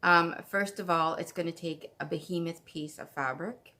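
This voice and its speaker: A woman from Canada hosting a craft podcast at home, chatting casually in a gushing, excitable way. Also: fairly low pitch, normal speed. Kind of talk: casual chat.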